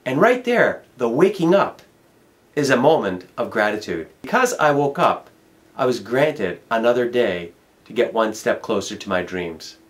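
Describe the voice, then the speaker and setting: A man's voice: mid-range voice, big pitch swings, moderate pace. A middle-aged man, a motivational speaker, giving an emphatic self-help talk and repeating key words for effect. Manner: storytelling.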